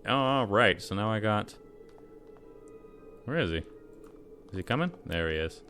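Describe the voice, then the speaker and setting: A man's voice: fairly low pitch, expressive, slow pace, sharp tone, soft background music. A man hosting a let's play, giving rambling, self-deprecating commentary over the game. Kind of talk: casual gameplay commentary.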